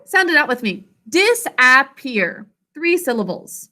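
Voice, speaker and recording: A woman teaching a spelling lesson to children over a video call, sounding out each syllable slowly and deliberately. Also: sits high, lively intonation, bright, forceful tone.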